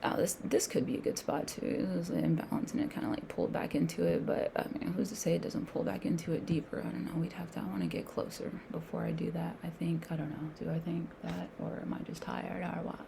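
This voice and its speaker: Talking fast with hardly any pauses, this woman has a fairly low, level voice with vocal fry, and the background is noisy. She's a day trader streaming her session, thinking aloud in slangy, casual talk as she trades, emphatically coaching viewers and at times dropping to a whisper.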